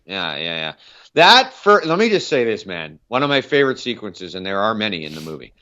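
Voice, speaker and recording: Man, podcast co-host, enthusiastic, rambling, low lively voice, dull lo-fi audio. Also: fairly quick. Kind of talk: casual film podcast chat.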